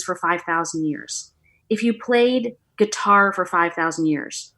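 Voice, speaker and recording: Animated middle-aged woman telling a story. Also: mid-range voice, normal speed. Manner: animated storyteller, acts out quoted dialogue. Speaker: guest, author and former acupuncturist. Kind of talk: casual storytelling interview.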